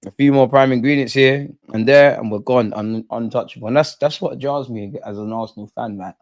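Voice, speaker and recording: A man hosting a live football watch-along, chatting in excitable, slangy banter with his viewers. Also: medium pitch, brisk, dry recording. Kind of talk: live fan commentary and chat.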